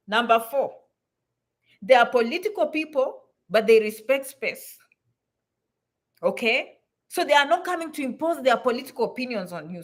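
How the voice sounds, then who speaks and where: A high-pitched woman speaks straight to her viewers. She is blunt and emphatic, and she drives each point home by saying it again. Her tone is that of a vlogger handing out frank advice. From Africa. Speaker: vlogger giving advice to immigrants. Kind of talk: direct-to-camera advice talk.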